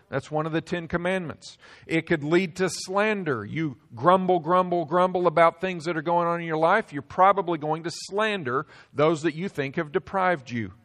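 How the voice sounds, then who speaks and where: Man preaching with dramatic hushed drops. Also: fairly high pitch, moderate pace, hardly any pauses. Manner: preaching with dramatic swings between loud emphasis and hushed drops. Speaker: pastor. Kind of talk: sermon.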